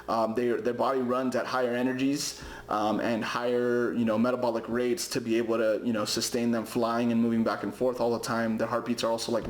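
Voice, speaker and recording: Rambling man giving casual parrot-care tips. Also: medium pitch. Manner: rambling, loose, full of fillers and restarts. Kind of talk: casual advice vlog. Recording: roomy echoey home recording.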